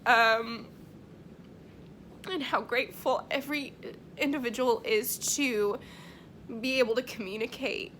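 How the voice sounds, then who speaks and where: A woman working as a medium, talking emotionally in a vlog, close to tears, halting with many restarts and fillers. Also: sits high, slight background noise.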